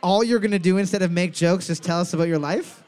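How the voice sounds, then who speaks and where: Male quiz host, higher voice, joking and loose. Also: a little mellow. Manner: playful, drawls questions slowly, laughs often. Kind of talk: casual comedic quiz chat.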